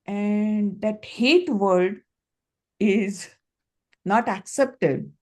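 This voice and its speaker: A woman's voice: mid-range voice, extremely slow. Indian-accented woman coaching parents on a call. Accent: Indian English. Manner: storytelling, acts out quoted dialogue. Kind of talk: online coaching session. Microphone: video call.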